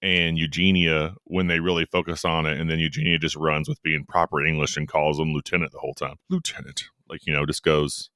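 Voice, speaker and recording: A man's voice: extremely low pitch, level tone, brisk, few pauses, sharp tone, clear, resonant tone, no room sound, clean studio sound. A man co-hosting a podcast, chatting about a book in a rambling, enthusiastic way that trails off mid-sentence. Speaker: podcast co-host. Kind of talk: casual book discussion.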